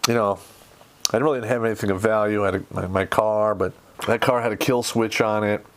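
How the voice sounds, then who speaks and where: A middle-aged American man hosting a podcast, telling rough war-story-style anecdotes in casual, profane talk and laughing at his own stories. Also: fairly low pitch, steady tone, a little fast. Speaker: podcast host.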